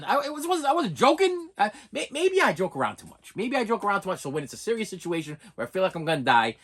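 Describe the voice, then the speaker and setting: A man's voice: sits high, big pitch swings, fast, hardly any pauses, a bit bright, slightly rough. A man in his forties telling a self-mocking story in a casual vlog, stammering and often saying "listen". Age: 40s. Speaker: vlogger.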